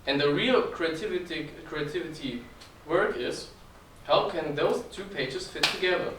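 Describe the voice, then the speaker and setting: Twenty-something guy giving a talk, slightly high voice, echoey room, faint hum. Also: unhurried. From Germany. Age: 20s. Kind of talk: informal presentation to an audience. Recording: echoey room, distant mic, faint ambience.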